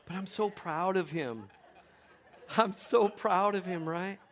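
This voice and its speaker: A middle-aged man preaching with a bright, high-pitched voice. He tells his story with animated energy, rising to excited near-shouts and then dropping to a quiet, earnest hush. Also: takes it slowly. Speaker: pastor. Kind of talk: sermon with storytelling.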